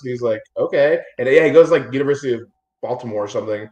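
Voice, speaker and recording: A man's voice: a little high, animated, fast. A man in loose, rambling casual chat, swearing and laughing often.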